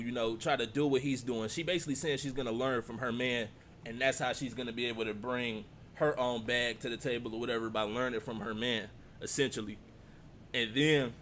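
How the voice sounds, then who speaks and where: A man's voice: mid-range voice, a bit bright, slight background noise. A man giving casual reaction commentary on a clip, talking back at it and repeating his points. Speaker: reaction streamer.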